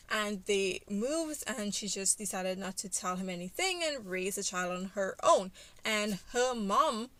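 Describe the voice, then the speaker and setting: A woman's voice: mid-range voice, a bit bright, no room sound. A woman narrating a life-sim game story in a chatty, casual way, filling her speech with "like". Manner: chatty, with many fillers like "like".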